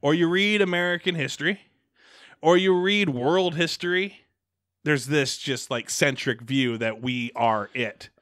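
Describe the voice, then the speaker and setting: Male podcast host, slightly high, bright tone, rambling delivery, dry close sound. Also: unhurried, dry recording. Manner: rambling, animated, lots of restarts. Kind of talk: casual chat.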